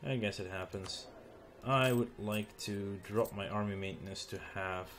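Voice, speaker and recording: A tired man thinking aloud as he plays a strategy game late at night, halting with ums and restarts. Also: fairly low pitch, fairly bright tone, a little hiss or hum. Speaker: gaming channel host. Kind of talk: let's play commentary.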